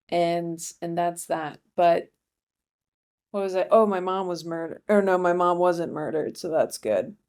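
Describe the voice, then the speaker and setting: A young woman hosting a comedy podcast, rambling through a casual monologue with deadpan asides and frequent self-interruptions. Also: fairly low pitch.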